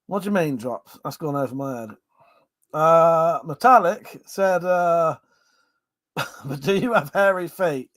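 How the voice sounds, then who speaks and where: On a dry recording, a man with a high-leaning, slightly bright voice hosts a casual drinking livestream from Buckinghamshire, England. Holding a drink, he reads viewer comments aloud, laughs and jokes, swears freely, and draws out his agreements again and again.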